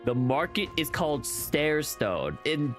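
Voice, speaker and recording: A man's voice: fairly high pitch, sing-song, slow, soft background music. A man streaming a game who rambles through casual commentary, questioning himself and restarting his sentences often. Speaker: gaming streamer.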